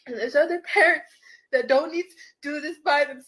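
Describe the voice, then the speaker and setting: A woman's voice: sits high, a bit bright, soft background music. Tearful woman, laughing through tears. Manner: halting and repetitive. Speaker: dance teacher. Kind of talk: emotional video message.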